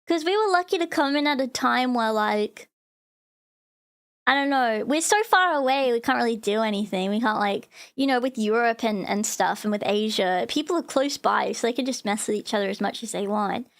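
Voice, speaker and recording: A VTuber streamer with an Australian accent chats loosely on a live stream in a high, bright voice at a moderate pace. Rambling from one thought to the next, she fills gaps with "like," reads her chat aloud, and reacts to it.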